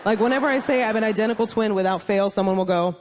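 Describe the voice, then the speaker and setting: On a large theater stage before a live audience, a South Bronx woman with a mid-range voice delivers brash, teasing stand-up full of quick punchlines and playful impressions. The stage mic catches loud laughter, some chatter behind her, and a little hiss or hum.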